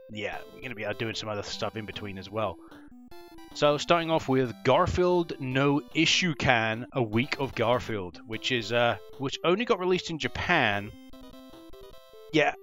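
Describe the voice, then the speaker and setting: Casting: man, lively swooping pitch, excitable let's-play host, faint game music under. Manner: excitable, swears and laughs, yelps at enemies. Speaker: gaming channel host.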